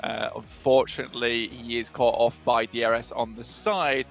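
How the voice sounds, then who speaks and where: A man calling a live esports match, easygoing and chatty. His pitch sits mid-range, with faint music under the commentary. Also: flat delivery, moderate pace, creaky. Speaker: esports caster.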